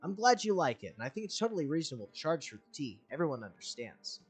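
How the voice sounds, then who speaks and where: A man's voice: fairly high pitch, very animated, quick pace, breathy edge, faint music behind. A man voicing a friendly young male game hero in his own everyday voice, answering in plain, friendly replies.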